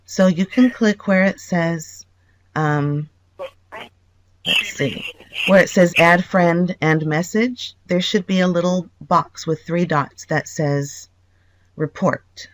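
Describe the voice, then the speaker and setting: A woman's voice: on the low side, takes it slowly, slight background noise. A woman on a phone call, patiently explaining things step by step. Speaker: online helper on a phone call.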